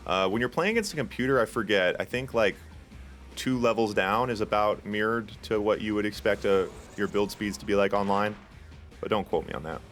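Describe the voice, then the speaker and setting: A man casting an online strategy game tournament, casual and chatty, climbing higher and louder when the action heats up. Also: a little fast, soft background music. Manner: excitable, rises sharply in pitch at big plays; casual, chatty with filler words. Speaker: tournament caster. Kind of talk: esports play-by-play commentary.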